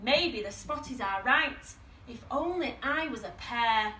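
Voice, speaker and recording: A woman's voice: on the high side, expressive, measured pace, sharp tone. Woman voicing a sad little odd sock boy. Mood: wistful. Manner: wistful, plaintive. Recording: echoey room, mic at a distance.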